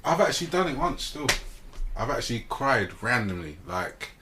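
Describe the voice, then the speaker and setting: A man's voice: mid-range voice, sing-song, normal speed, background noise. A man co-hosting a casual podcast discussion, talking openly and easily about his own feelings. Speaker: podcast co-host.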